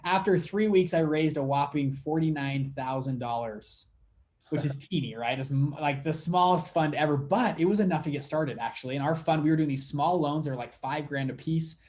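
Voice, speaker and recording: A man's voice: on the high side, normal speed, darkish tone. A young man, a fund manager guest, telling a story in a casual interview and acting out the dialogue as he goes.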